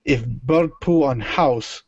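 A man doing a deadpan mock-Russian accent. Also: medium pitch, slow pace, slightly rough. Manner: broken English, deadpan jokes. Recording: dull lo-fi sound with faint noise.

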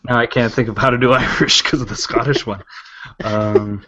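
A man's voice: medium pitch, steady tone, moderate pace, highs cut off, music in the background. A man co-hosting a casual podcast chat, hesitant and laughing often. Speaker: podcast co-host.

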